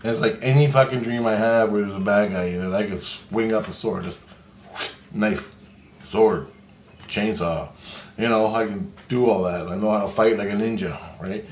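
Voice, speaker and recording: A man's voice: fairly low pitch, moderate pace, a little mellow. A man casually telling a dream story in a rambling, profane way. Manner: profane, rambling, acts out quotes. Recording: echoey room with faint background noise.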